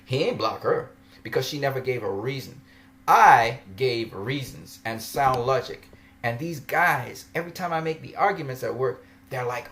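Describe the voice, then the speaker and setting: A man's voice: mid-range voice, lively intonation, moderate pace, a bit bright. A man vlogging a ranting commentary, argumentative and mocking, laughing often as he makes his case.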